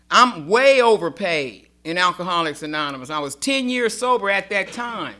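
A woman's voice: on the low side, animated, moderate pace, hardly any pauses, bright, forceful tone. A middle-aged woman sharing her personal testimony at a recovery meeting, telling her story emphatically and acting out the dialogue she quotes.

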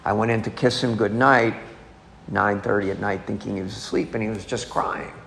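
A man's voice: on the low side, fairly even intonation, brisk, vocal fry, fairly bright tone. Candid man sharing recovery story, echoey hall. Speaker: recovery speaker. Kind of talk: personal testimony talk. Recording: echoey hall, faint noise.

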